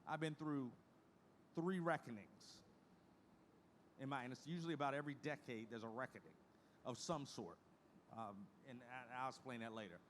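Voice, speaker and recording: A man's voice: medium pitch, moderate pace, pauses often, slight background noise. A middle-aged man giving a conference presentation in a folksy, emphatic way, repeating key phrases for emphasis. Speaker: conference speaker.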